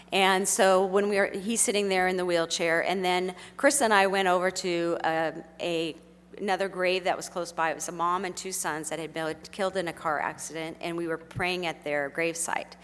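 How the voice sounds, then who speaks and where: Middle-aged woman, earnest storyteller, gentle delivery, big reverberant hall. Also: on the low side, fairly even intonation, moderate pace. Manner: gentle, earnest, with frequent fillers. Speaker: speaker sharing a personal story. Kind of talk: heartfelt storytelling talk.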